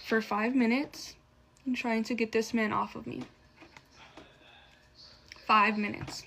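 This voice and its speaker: A woman's voice: fairly high pitch, little pitch movement, takes it slowly, creaky, bright, forceful tone, slight background noise. A young adult woman telling a personal story in a casual, emotional way while doing her makeup, swearing a lot and filling with "like". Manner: emotional, heavy swearing and filler "like".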